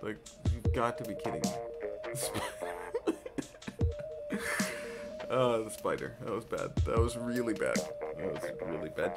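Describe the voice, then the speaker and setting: A man streaming a game live, giving quick excitable callouts to his teammates with yelps and laughs, into a headset mic. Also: on the low side. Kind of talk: live gameplay commentary. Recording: loud game music behind.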